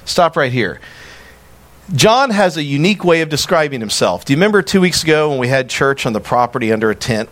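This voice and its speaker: A pastor preaching a sermon in a conversational way, often repeating words and telling personal stories. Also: male voice, fairly high pitch, lively intonation, fast talker, fairly bright tone.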